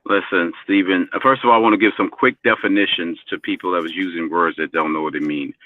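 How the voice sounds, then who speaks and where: A man's voice: low-pitched, fast, dry recording, phone-quality sound. A man calling into a podcast chat, explaining things in a lecturing way. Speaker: caller. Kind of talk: casual chat.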